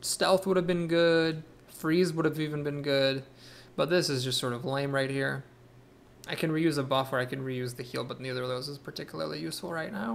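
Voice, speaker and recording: Casting: young adult man, gameplay commentator, gravelly, a bit high, thinks out loud, faint hiss behind. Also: fairly even intonation, a little fast. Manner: thinks aloud, weighs plays, self-corrects. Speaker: streamer playing a card game.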